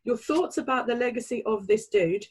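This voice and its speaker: A woman's voice: on the high side, normal speed, darkish tone, a little hiss or hum, rough recording. A woman co-hosting a podcast and reading out listener questions, bubbly and self-deprecating. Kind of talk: casual podcast chat.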